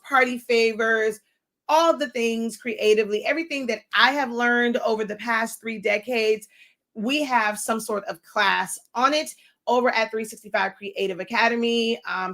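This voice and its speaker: A middle-aged woman hosting a casual livestream, fast-talking and long-winded, working to slow herself down. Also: on the high side, gravelly, a bit bright. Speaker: livestream host and creative instructor. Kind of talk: casual live-stream talk.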